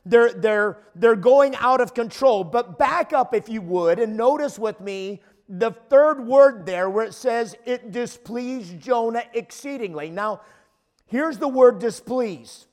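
Male pastor with a high voice, preaching emphatically with many restarts. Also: expressive, takes it slowly. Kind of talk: sermon.

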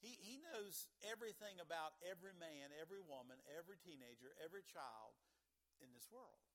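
Man, pastor, high voice, folksy joking sermon, calm teaching with loud bursts. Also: fairly quick.

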